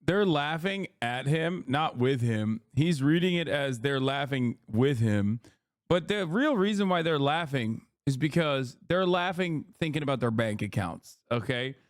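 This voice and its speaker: A man's voice: mid-range voice, lively intonation, measured pace, no room sound, studio quality. A man in his thirties streaming his reactions to a video, mocking it sarcastically and swearing freely. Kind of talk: casual mocking commentary.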